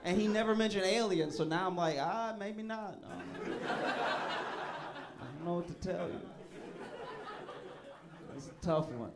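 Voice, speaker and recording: A man doing a stand-up comedy set, telling stories with a laugh in his voice and breaking into loud, high punchlines. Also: unhurried, pauses often, a loud crowd, very noisy. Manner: animated storytelling, often laughing, jumps to loud high punchlines.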